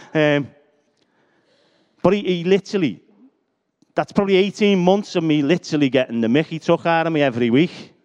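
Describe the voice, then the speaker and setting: Chatty joking preacher. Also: male voice, fairly high pitch, moderate pace, long pauses, a little mellow, muffled recording. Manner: chatty, self-deprecating, joking asides. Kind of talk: sermon with personal anecdotes.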